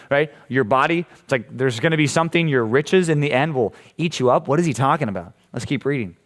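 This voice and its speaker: American guy youth pastor, kinda high voice, joking around, keeps asking the kids questions. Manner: casual, playful, asks the room questions. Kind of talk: youth sermon.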